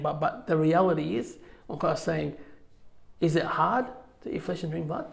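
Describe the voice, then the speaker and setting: A man's voice: fairly high pitch, moderate pace, gravelly, pauses often, darkish tone. A man teaching a religious class from slides, reading scripture aloud and explaining it in a loose, conversational way. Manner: conversational, many fillers, reads scripture aloud. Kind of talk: informal slide lecture on scripture.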